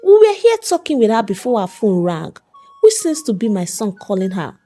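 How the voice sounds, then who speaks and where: A woman voicing a calm, worried father of the groom. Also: medium pitch, moderate pace, soft background music. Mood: concerned.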